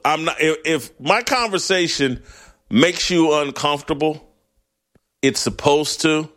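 A middle-aged man hosting a sports talk show, delivering a blunt, opinionated monologue with frequent laughs and restarts. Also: a little high. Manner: animated, blunt, laughs often, restarts mid-phrase.

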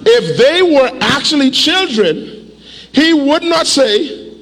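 Animated high-voiced male preacher in hall. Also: slow, creaky. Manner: animated, preachy call-and-response, sudden shouts. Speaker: pastor. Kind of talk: sermon. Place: church. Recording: echoey hall, faint ambience.

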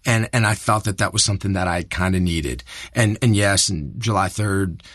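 A man with a fairly low voice speaks in a candid interview, earnest and searching, stumbling over repeated words before he lands his thought. The sound is close and dry, with no room around it. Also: fairly bright tone, dry recording. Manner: earnest, halting, many restarts and repeated words. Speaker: actor, guest.

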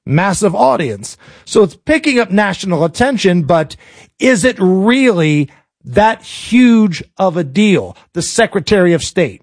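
A man's voice: high-pitched, sing-song, a little slow, no room sound. A male talk radio host ranting about politics in a sarcastic, colloquial, joking way. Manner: sarcastic, colloquial, jokey rants.

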